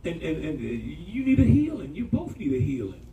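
A man preaching in a high, lively voice, swooping up and down as he tells stories to his congregation. His tone is dark and mellow, and he sounds set back from the mic in an echoey church. He talks in a loose, colloquial way. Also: moderate pace, a little hiss or hum. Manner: animated, colloquial, calls out to the congregation. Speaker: pastor. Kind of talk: sermon storytelling. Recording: echoey room from far off.

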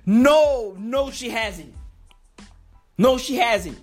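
A high-pitched woman delivers a profane comedic rant, slow and deliberate, leaning on slang tags and mock-serious emphasis. Faint music plays underneath. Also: animated.

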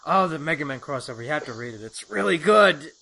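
An adult in casual chat, excitable and swearing a lot. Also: mid-range voice, fast, creaky, crowd noise.

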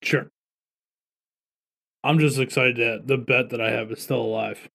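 A man chats easily on a podcast, relaxed and a little wry. His voice sits in a middle range and he talks at an unhurried pace. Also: mid-range voice, vocal fry. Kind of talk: casual chat.

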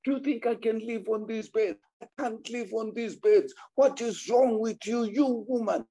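A man voicing an angry, disbelieving village husband who shouts indignant questions at his wife. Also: very high-pitched, moderate pace, pitched above the performer's own voice.

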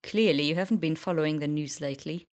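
Woman reading young male wizard, cool, sardonic, smug, lowish voice, storybook. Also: fast, a little mellow, muffled recording, close to an everyday voice. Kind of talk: audiobook character reading.

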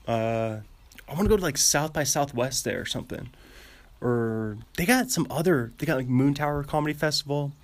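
A man's voice: mid-range voice, dry recording. Giggly rambling young man. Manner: giggly, meandering, self-interrupting. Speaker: podcast host. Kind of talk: rambling solo chat. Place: outdoor gazebo, light drizzle. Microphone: walking while talking.

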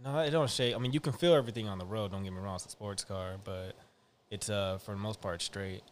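A man's voice: lowish voice, fast talker. A young man as a podcast guest, easygoing and slangy, laughing often. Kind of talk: casual podcast chat.

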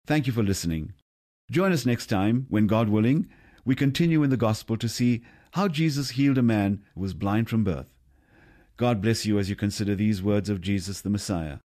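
A man's voice: on the low side, normal speed, mellow. A man giving scripted gospel teaching, earnest and putting questions to the listener. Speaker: radio preacher.

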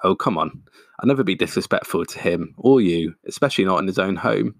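A man's voice: low-pitched, lively intonation, a little fast, gravelly, no echo, clean studio sound, exaggerated voice. A man voicing a nervous young man who talks in a casual, jokey way.

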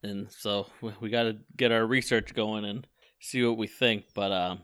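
A young man co-hosting a casual sports podcast, animated and quick to laugh, tripping over his words when he gets excited. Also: on the low side, clear, resonant tone, no echo, clean studio sound. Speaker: podcast co-host.

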